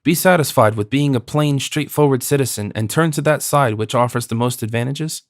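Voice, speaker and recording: A man's voice: mid-range voice, a little fast, no room sound, studio quality, lightly acted. A man voicing a spirited young wife in an audiobook, scornful and pleading by turns, his voice lifted for her. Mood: earnest. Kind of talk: audiobook character voice.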